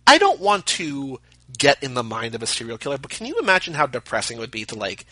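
A man's voice: mid-range voice, huge pitch swings, fast talker, bright, forceful tone, no room sound, poor audio. A man co-hosting a podcast, chatting casually about movies with jokey, rambling asides. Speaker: podcast co-host. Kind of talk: casual movie commentary chat.

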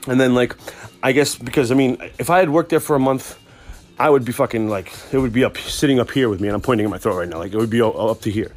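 A man hosting a podcast, telling a rambling, profane, excitable comic story from work. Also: mid-range voice, fast, soft background music. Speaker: podcast host. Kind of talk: casual comic storytelling monologue.

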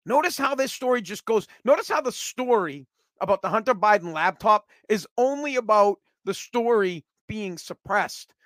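A man's voice: high voice, expressive, moderate pace, fairly bright tone, dry recording. A man giving a heated, sarcastic political rant, swearing and repeating himself as he gets worked up. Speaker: political commentator.

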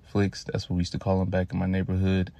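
A man in his thirties from Louisiana, hosting a podcast and telling profane, animated stories straight to his listeners. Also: sits low, fast, creaky. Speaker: podcast host. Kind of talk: casual storytelling monologue.

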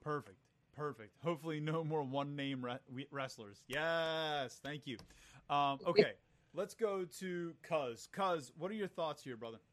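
A man's voice: on the high side, measured pace. Man hosting an online wrestling panel. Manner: brief affirmations, calls on each panelist. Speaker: show host. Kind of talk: casual panel chat.

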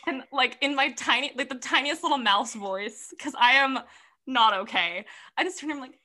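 Bright high-voiced young woman storyteller. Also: normal speed. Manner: animated, laughing, fillers of "like". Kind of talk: casual storytelling chat.

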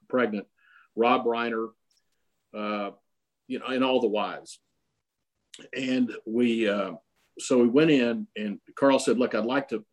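Rambling older man telling anecdotes. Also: on the low side. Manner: rambling, many fillers and restarts. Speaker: guest storyteller.

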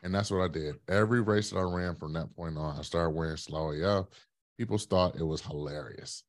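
Deep-voiced man telling stories. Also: a little fast. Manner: blunt, animated storyteller. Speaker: podcast guest, running coach. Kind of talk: casual interview storytelling.

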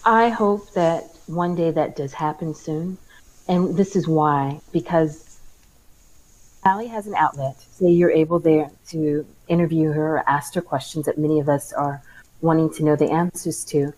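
A woman speaking as a guest on a casual talk show, measured and careful to be tactful. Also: low voice, darkish tone, rough recording. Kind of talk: casual call-in chat.

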